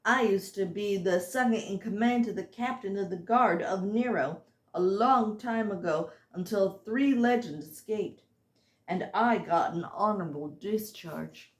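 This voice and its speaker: A woman reading the lines of a calm, serious father who was once a guard officer, in an amateur audiobook. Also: medium pitch, a little slow, reverberant, close to an everyday voice.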